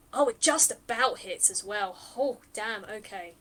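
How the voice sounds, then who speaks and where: A woman with a fairly high voice runs a tabletop game as game master. She is chatty and thinks out loud, filling her narration with ums and small asides. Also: measured pace, few pauses. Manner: chatty, thinks aloud, many fillers.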